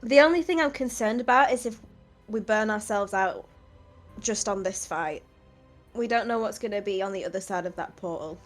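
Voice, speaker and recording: A woman's voice: medium pitch, moderate pace, faint music behind. A woman playing a tabletop game, cautious and a bit hesitant. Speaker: player. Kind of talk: casual tabletop role-play.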